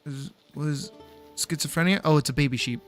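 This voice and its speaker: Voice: mid-range voice, normal speed, soft background music. A young adult game streamer chatting casually and swearing freely while playing. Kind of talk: casual gameplay commentary.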